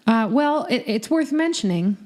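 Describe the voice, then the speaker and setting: Woman podcast host, casual chat, swears a lot, jokey and animated. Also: a little high, moderate pace.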